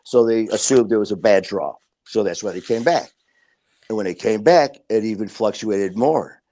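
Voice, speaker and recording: Podcast guest: man, lowish voice, blunt and profane, acts out quoted dialogue. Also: normal speed, dark tone. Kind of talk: casual storytelling.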